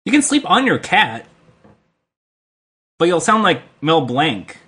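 A man's voice: on the high side, big pitch swings, takes it slowly, bright, forceful tone, slightly rough. A man riffing goofily in a casual comedy podcast chat. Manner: goofy, riffing on jokes.

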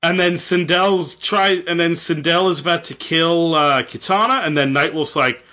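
A man's voice: fairly high pitch, normal speed, few pauses, sharp tone. A young man casually retelling a story, rambling, swearing and correcting himself. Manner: rambling, profane, self-correcting. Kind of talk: casual chat.

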